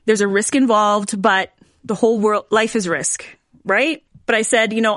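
A woman's voice: mid-range voice, a bit bright, no echo, clean studio sound. A woman in her forties, a podcast host, telling a personal story candidly to her listeners with lots of "like" and "right?". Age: 40s. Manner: candid, emotional, tearful at times; frequent "right?" and "like".

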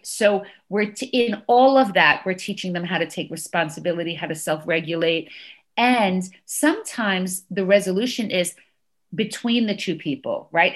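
A woman in her thirties, a parenting educator, explaining in an interview and often checking in with "right?". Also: medium pitch. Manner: earnest, often adds "right?" to points.

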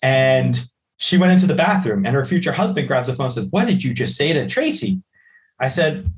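A man's voice: medium pitch, big pitch swings, a little fast. A man, a podcast guest and psychic medium, telling a personal story in conversation and acting out the dialogue he quotes.

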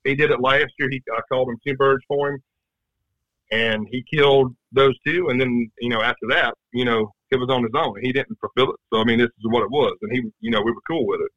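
A man's voice: mid-range voice, steady tone, brisk, fairly bright tone. Guy telling a hunting story, lots of um and you know, sounds kinda muffled lo-fi. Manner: rambling, many fillers and restarts. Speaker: guest. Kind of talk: casual storytelling. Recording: dull lo-fi sound.

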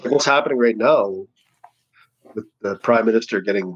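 A man with a husky, breathy voice talks in a loose, rambling way, often stopping to restart his sentences. His humor is dry and sarcastic. The audio sounds a little dull and lo-fi. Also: on the low side, moderate pace. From Canada. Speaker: satirical news writer. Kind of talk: casual interview conversation.

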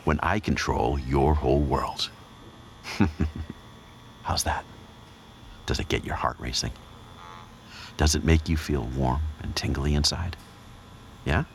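A man narrating an intimate erotic audio role-play in a low, teasing voice that often slips into a whisper. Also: a little hiss or hum, rough recording.

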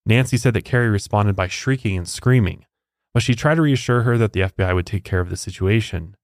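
A man's voice: lowish voice, a little fast, darkish tone, no echo. A man hosting a podcast, telling a true-crime story in a casual, conversational way with incredulous asides. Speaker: podcast host.

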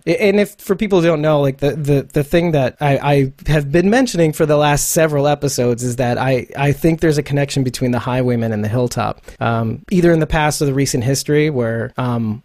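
A man's voice: mid-range voice, fairly quick, few pauses, darkish tone, no room sound, clean studio sound. A man in his forties hosting a casual podcast chat about a TV show, rambling and laughing at himself. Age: 40s. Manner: rambling, self-mocking, laughs often. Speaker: podcast host.

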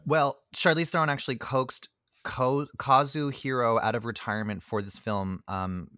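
A man's voice: mid-range voice, normal speed, no echo. Male podcast co-host, loose and filler-heavy, recorded dry and close. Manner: chatty, many fillers, animated asides. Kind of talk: casual movie review chat.

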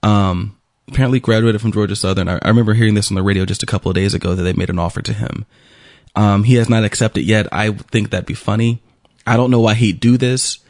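A man's voice: lowish voice, fairly even intonation, quick pace, a little mellow, dry recording. A man co-hosting a radio show, chatting casually with lots of ums and laughs. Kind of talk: casual banter.

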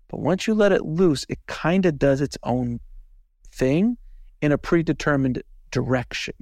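A podcast host and filmmaker, here a guest, chats through a casual interview, animatedly telling stories and performing quoted voices. His voice is gravelly and fairly high-pitched, captured in studio quality with no echo.

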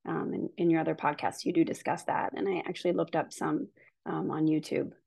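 Woman guest with a frog in her throat, gravelly and husky, lowish. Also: fairly even intonation, a little fast, darkish tone. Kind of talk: casual chat.

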